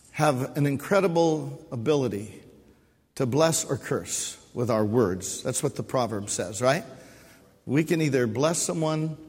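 A middle-aged man preaching a sermon as pastor, with a husky voice, repeating key phrases and calling for amens from the congregation. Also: mid-range voice, a little mellow. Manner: preaching with repetition and call-and-response. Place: church sanctuary. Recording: long hall reverb.

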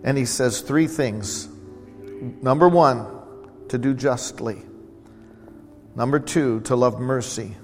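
A man's voice: mid-range voice, takes it slowly, long pauses, darkish tone, long reverb tail, soft background music. A male pastor preaching a sermon in a church, with a conversational style that keeps repeating words for emphasis. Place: church sanctuary.

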